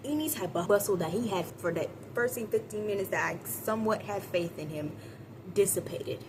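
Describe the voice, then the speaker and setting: A woman giving a casual, animated movie review, chatting with viewers and acting out characters' lines in quick voices. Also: medium pitch, background noise. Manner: chatty, addresses viewers as y'all.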